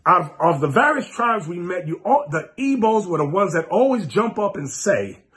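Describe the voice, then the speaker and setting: A man preaching a fiery, mocking sermon, scolding his listeners with sudden shouts. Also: high voice, big pitch swings, moderate pace. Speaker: preacher and teacher.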